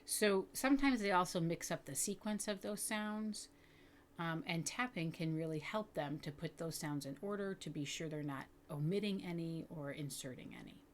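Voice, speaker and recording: A woman teaching educators reading techniques, explaining patiently and slowly sounding out words with careful enunciation. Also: on the low side, slight background noise. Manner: clear, deliberate enunciation of sounds. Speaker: literacy teacher. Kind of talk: instructional video for educators.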